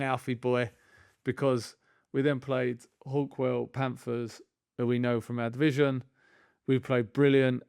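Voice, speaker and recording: A man's voice: medium pitch, flat delivery, a little slow, vocal fry, a little mellow, clean tone, no room sound, clean studio sound. A man chatting candidly and self-deprecatingly on a podcast about coaching kids' football. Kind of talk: casual podcast chat.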